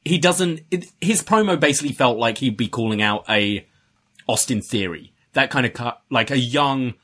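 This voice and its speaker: A man's voice: medium pitch, lively intonation, normal speed, fairly bright tone, slightly rough. A man co-hosting a podcast, giving eager, opinionated takes with some restarts and "um"s. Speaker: podcast co-host. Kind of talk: casual opinion chat.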